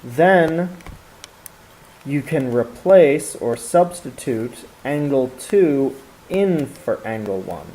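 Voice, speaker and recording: A man's voice: mid-range voice, lively intonation, extremely slow, warm tone, rough recording. A man explaining a geometry lesson step by step, with fillers and restarts. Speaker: math teacher.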